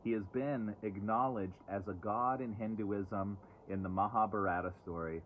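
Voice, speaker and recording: A chatty man with a lowish voice reads oracle cards on a live stream, dropping sarcastic asides as he goes. He talks outdoors into a phone, and the sound is thin and tinny, like a phone line. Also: steady tone, normal speed, a little hiss or hum. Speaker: oracle card reader. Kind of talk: casual live-stream card reading. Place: outdoors, away from home.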